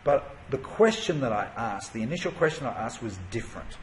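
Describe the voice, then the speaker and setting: A man's voice: medium pitch, lively intonation, brisk, slight background noise, poor audio. A man teaching an online marketing course in a conversational way, full of rhetorical questions and fillers. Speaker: internet marketing coach.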